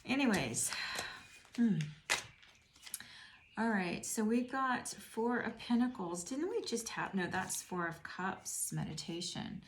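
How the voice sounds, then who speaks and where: A woman's voice: medium pitch, animated, slow pace, pauses often, a little hiss or hum. A middle-aged woman giving a casual tarot reading, musing and rambling as she speaks to the viewer. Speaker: tarot reader. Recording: roomy echo.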